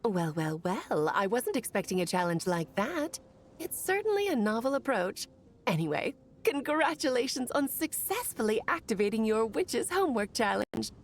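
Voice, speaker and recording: A mischievous, theatrical witch, sweetly teasing in a slightly high voice with lively swoops of pitch. She speaks in grand, playful phrases. Video game dialogue. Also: normal speed.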